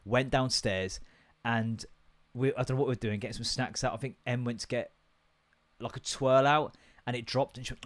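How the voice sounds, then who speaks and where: A man's voice: medium pitch, steady tone, fairly quick. A young English man hosting a podcast, ranting in a casual, sweary way that jumps from topic to topic. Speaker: podcast host.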